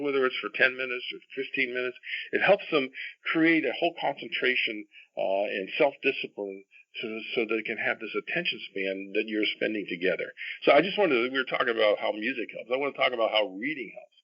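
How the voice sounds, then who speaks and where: An older man, an author guest, talking casually in an interview, halting with many repeated words and restarts. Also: medium pitch, gravelly, dull audio.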